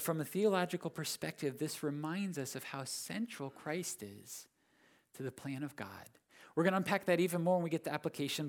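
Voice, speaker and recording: A man preaching a sermon, earnest, building to emphatic rises and repeating key phrases. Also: fairly high pitch. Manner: earnest preaching with rising emphatic peaks and repetition. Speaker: pastor.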